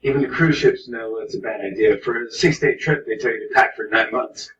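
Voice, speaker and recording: A man's voice: mid-range voice, a bit bright. A man hosting a late-night show, delivering a joking comedy monologue in a TV studio. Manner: joking, quick asides. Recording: dull, distant, roomy audio.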